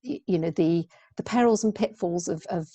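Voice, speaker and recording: A woman's voice: lowish voice, moderate pace, warm tone, breathy edge, no echo. A woman hosting a casual interview over a video call, chatty and rambling with many restarts.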